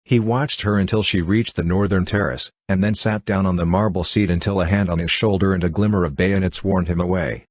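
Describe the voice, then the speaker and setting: A man reads a novel aloud at a steady, even pace. His voice is deep and a little husky. The recording is close and dry, with no room sound. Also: brisk, few pauses, no echo. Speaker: audiobook narrator. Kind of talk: scripted narration.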